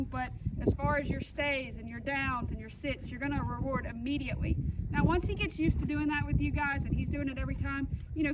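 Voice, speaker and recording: Woman dog trainer with a high voice, reassuring and repetitive, heard from a distance over loud background noise. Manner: reassuring, repeats key points. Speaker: puppy trainer. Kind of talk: instructional dog-training walkthrough.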